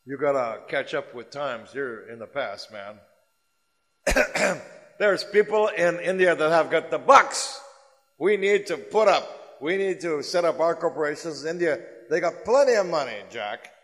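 A man's voice: mid-range voice, takes it slowly, pauses often, a bit bright. A man putting on a brash male corporate marketing executive who talks in a pushy, emphatic way. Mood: insistent. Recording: reverberant hall.

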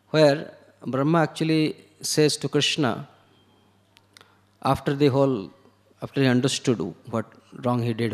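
Man teaching scripture in an echoing hall. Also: medium pitch. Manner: explains verses and word meanings step by step; chants verses in Sanskrit. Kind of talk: explanatory lecture on scripture. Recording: long echoing hall reverb.

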